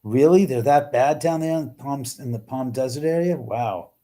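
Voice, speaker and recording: A man with a warm, mid-range voice talks at a normal pace while hosting a casual livestream from home. He chats with viewers and answers them, exclaiming and swearing freely.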